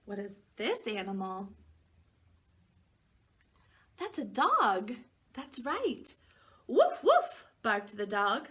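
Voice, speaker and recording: A woman preschool teacher reading a picture book aloud to young children. She asks them gentle questions, waits for their answers, and acts out the animal noises in a raised voice. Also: medium pitch, big pitch swings, slow, long pauses, slight background noise.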